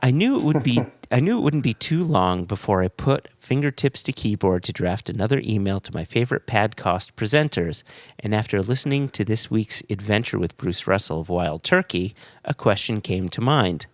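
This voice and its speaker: Low-voiced man reading a listener email. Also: expressive, moderate pace, no echo. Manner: amused, laughs through reading. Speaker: podcast co-host. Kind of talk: casual podcast chat, reading listener email aloud.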